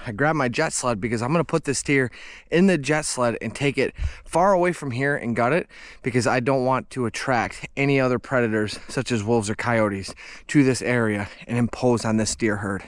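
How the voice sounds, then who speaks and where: A man's voice: medium pitch, brisk, fairly bright tone, soft background music. A man from Michigan's Upper Peninsula narrating his own hunting vlog outdoors in a winter forest, earnest and upbeat, talking straight to the camera. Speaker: hunter and outdoor vlogger.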